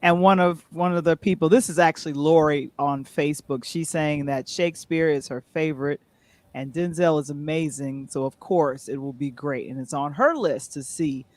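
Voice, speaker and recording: A woman's voice: low voice, moderate pace, darkish tone, dry recording. A middle-aged woman hosting a live talk show, telling stories animatedly and reading out viewer comments, with a New York accent. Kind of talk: casual live-stream chat.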